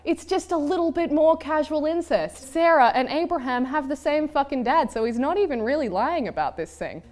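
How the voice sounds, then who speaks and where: A woman hosting a podcast, retelling old stories in an irreverent, profane, animated way. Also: medium pitch. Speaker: podcast host.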